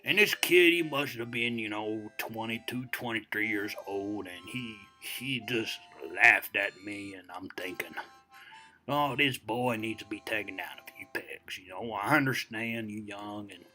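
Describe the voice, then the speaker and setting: A man's voice: on the low side, measured pace, bright, forceful tone, faint music behind, heavily acted. A man playing a very old, boastful American storyteller who rambles and digresses in a folksy way, full of "you know" fillers. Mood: rambling. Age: over 60. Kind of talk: comedic character monologue.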